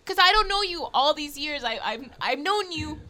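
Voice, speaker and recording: Woman, tearful, emotional, apologetic, high bright voice, casual chat. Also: lively intonation, normal speed. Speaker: podcast guest.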